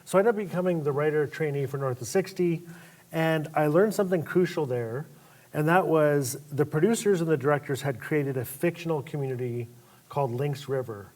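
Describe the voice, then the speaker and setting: A man on a stage panel tells stories with animated energy, acting out other people's voices as he goes. His voice sits a bit high for a man. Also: brisk. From Northwest Territories, Canada. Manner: animated storyteller who acts out voices. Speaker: panel guest author. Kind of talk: storytelling on a panel. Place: stage at a lecture event.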